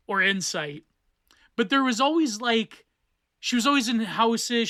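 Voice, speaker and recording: A man's voice: high-pitched, bright, forceful tone, clean tone, dry recording. A man hosting a solo podcast, rambling through art theory with many fillers and restarts. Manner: rambling, digressive, many fillers and self-corrections. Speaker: podcast host.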